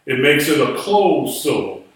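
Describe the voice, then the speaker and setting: Speaking at a moderate pace with big swings in pitch around a medium register, a man lectures a Biblical Hebrew class, patiently going over the rules and spelling words letter by letter. The room is echoey and he sits far from the microphone.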